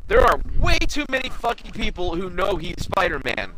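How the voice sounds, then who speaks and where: A man's voice: high-pitched, sing-song, normal speed, background noise. A man co-hosting a casual podcast, ranting and swearing a lot. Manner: profane, ranting, exasperated. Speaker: podcast co-host. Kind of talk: casual chat.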